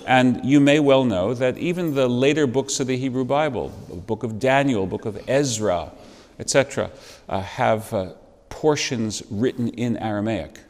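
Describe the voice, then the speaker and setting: In a church, a man teaches an adult Bible class at a moderate pace, his middle-pitched, darkish voice chatty and lecturing. He tosses in wry asides with a chuckle and poses questions to the class, and the room gives his voice a long reverb.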